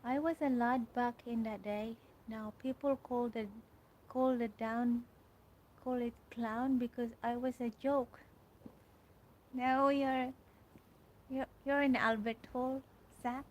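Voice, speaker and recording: Woman host, slow halting outdoor livestream chat, somewhat high voice, faint outdoor ambience. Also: steady tone, a little mellow, slight background noise, rough recording. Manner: chatty, halting, restarts often while reading comments aloud. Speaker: livestream host reading viewer comments. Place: garden outdoors.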